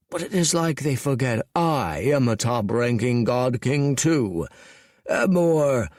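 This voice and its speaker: A man's voice: mid-range voice, a little mellow, dry recording, studio quality. A man voicing a pampered, cruel male God King who drawls languidly and complains with cold menace underneath. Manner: languid, self-pitying, coldly menacing.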